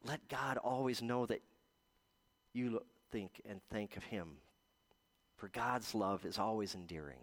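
A man preaching a gentle baptism sermon as pastor, telling stories with slow, drawn-out pauses. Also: fairly low pitch.

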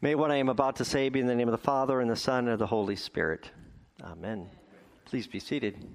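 A man's voice: medium pitch, quick pace. A male pastor delivering a sermon in a folksy storytelling way.

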